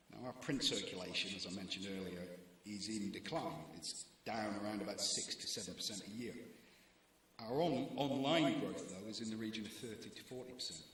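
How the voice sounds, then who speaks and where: A newspaper editor in his forties gives a talk to students, wry and gently self-mocking. His voice is low with a bright, forceful edge. It echoes heavily around a large hall with a faint hiss.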